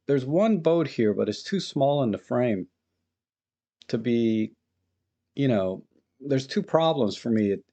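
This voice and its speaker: With a medium-pitched voice, a male streamer edits photos live while casually narrating his thoughts. He keeps things laid-back and welcomes viewers from the chat as he goes.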